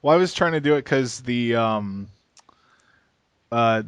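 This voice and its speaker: A man co-hosting a gaming podcast in a relaxed, meandering way, often pausing on fillers and chuckling. His voice sits at a middle pitch and is recorded dry and close. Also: clean tone, dry recording. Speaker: podcast co-host. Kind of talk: casual gaming podcast chat.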